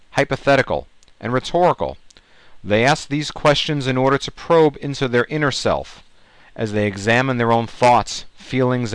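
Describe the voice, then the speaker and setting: A man in his fifties, a therapist, reads his own reflective essay at a measured pace, pausing between the items of his lists. His voice sits at a middle pitch. The recording is very dry and close, with no room sound. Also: fairly bright tone, no echo. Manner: measured, reflective delivery with list-like pauses. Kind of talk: scripted personal essay narration.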